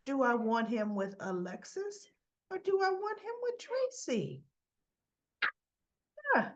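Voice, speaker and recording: Lively woman recapping a soap. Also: fairly high pitch, slow, dull audio. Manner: animated retelling with acted quotes. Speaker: soap opera recap host. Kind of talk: casual recap vlog.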